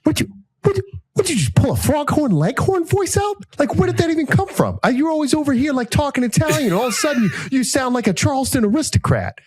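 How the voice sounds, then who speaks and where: A man voicing a blunt, quick-talking male officer from Jersey. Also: extremely high pitch, very animated, pitched above the performer's own voice. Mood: incredulous. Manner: quick, incredulous.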